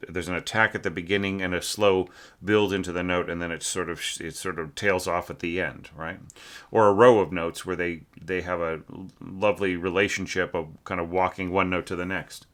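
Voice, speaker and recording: This man's voice sits low, with a bright and forceful tone. He's teaching orchestration, critiquing a score informally, stumbling through fillers and singing passages as examples.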